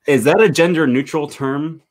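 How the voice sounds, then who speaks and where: A young man from Wisconsin, USA, hosts a casual interview as a language YouTuber, in a brisk voice on the high side. He keeps it easygoing with many fillers and laughs, and there's slight background noise.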